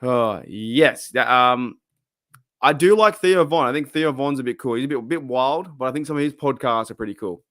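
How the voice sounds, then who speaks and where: Australian male stream host, rambling chatty delivery, mid pitch, dry close-miked sound. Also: normal speed, no echo. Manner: rambling, chatty, laughs often, lively swings in pitch. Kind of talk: casual live stream chat.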